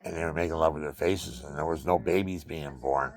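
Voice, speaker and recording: A man's voice: rumbling low, a little fast. A man telling rambling, preachy stories and jokes in an offhand monologue. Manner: rambling, joking, preachy storyteller. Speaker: outdoorsman talking to camera.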